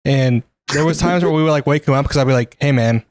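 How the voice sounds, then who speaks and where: A young man recounting a story in a blunt, matter-of-fact way, with casual swearing. His mid-pitched voice sounds dry and close, with no room around it. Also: fast, a little mellow, dry recording. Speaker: podcast co-host. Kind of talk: casual podcast chat.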